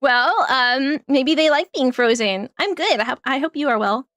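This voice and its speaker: A woman's voice: high-pitched, moderate pace, fairly bright tone, no room sound, studio quality. A woman casually commenting while playing a game on stream, chatty and laughing often, trailing off as she thinks.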